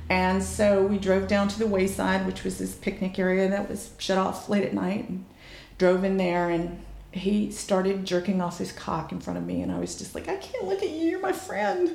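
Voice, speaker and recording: A woman telling a personal story in candid chat, blunt and frank, acting out quoted lines with jumps in pitch. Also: normal speed, vocal fry, darkish tone, reverberant.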